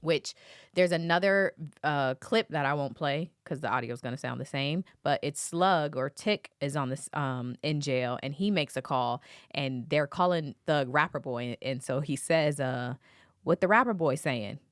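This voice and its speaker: A woman's voice: low voice, moderate pace, clear, resonant tone, no room sound, studio quality. A woman hosting a podcast, giving casual commentary on a court case in a conversational way, thinking aloud with fillers. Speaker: podcast host.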